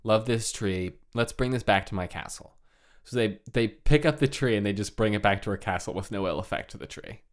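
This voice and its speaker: A man's voice: lowish voice, brisk. Laid-back man retelling a tale, lots of "like". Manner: loose, joking retelling full of "like" and laughs. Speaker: storyteller retelling a folk tale. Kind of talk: casual chat.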